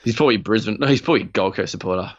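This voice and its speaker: A young Australian man co-hosting a podcast, telling a story in animated, sweary casual chat and acting out the quotes. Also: lowish voice, rapid-fire, dull audio. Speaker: podcast co-host.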